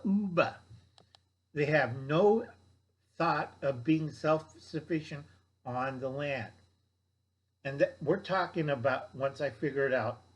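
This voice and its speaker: An older man lectures bluntly on survival gardening, his voice sitting a bit higher than most men's. He rambles, repeats himself and keeps checking that his listeners follow. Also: dull audio. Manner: blunt, lecturing, repeats "okay?" and mocks others in put-on voices. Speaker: survival vlogger. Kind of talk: rambling instructional monologue.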